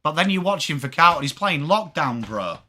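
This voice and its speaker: A young English man hosting a live sports watchalong, talking fast and casually, swearing freely and answering chat by name. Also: a little high. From England. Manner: animated, swearing, reads chat names aloud. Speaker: livestream host.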